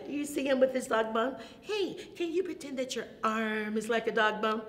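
A woman who is a children's librarian, leading a toddler storytime with rhymes and songs in a slow, animated, sing-song manner, with delighted gasps and soft whispers. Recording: long reverb, faint low rumble.

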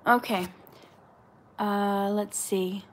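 A woman's voice: medium pitch, steady tone, extremely slow. A middle-aged woman hosting a live stream, reading viewer comments aloud and answering them in casual chat. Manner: reads out viewer comments and answers warmly, with prayerful advice.

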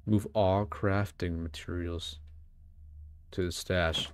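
A man commenting on a video game as he plays, chatty and excitable, laughing often and reading in-game text aloud. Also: low-pitched, takes it slowly, smooth, no room sound. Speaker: let's play host. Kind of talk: gaming commentary.

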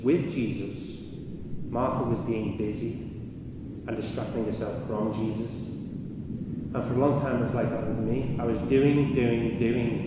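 A man's voice: mid-range voice, distant mic. Man giving a talk in an echoey hall. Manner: storytelling, rising and loud in anecdotes. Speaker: speaker. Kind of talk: conference talk. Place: large hall. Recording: echoey hall, mic from afar, noisy.

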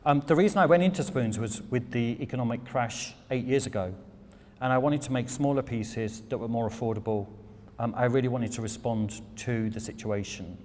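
A man's voice: medium pitch, normal speed, darkish tone. Irreverent British man in a big echoey hall. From England. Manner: candid and irreverent, swears casually. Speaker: silversmith giving a talk. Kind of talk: lecture talk with slides. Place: lecture hall. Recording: long hall reverb, faint noise.

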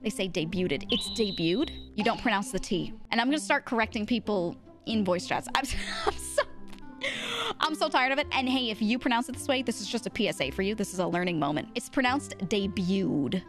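A woman's voice: on the high side, expressive, quick pace, music in the background. A woman streaming, ranting in an exasperated, lecturing manner. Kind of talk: ranting livestream chat.

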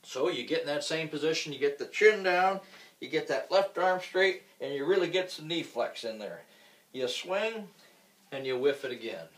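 A man's voice: on the high side, expressive, moderate pace, a bit bright. A man teaching golf in a casual, joking way, acting out common mistakes while he demonstrates swings. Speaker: golf instructor. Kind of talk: instructional talk with demonstration. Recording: roomy sound from a distant mic.

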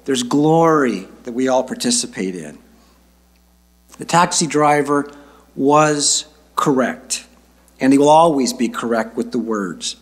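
A man preaching a sermon as pastor, slow and emphatic, stretching out key phrases. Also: on the high side.

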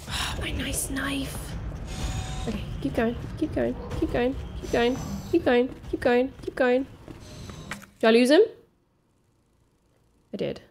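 A woman's voice: a little high, animated, measured pace, vocal fry, background noise. A young woman streaming her first playthrough of a game, chatting casually, swearing and spiraling into panicked repeated words. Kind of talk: casual gameplay commentary.

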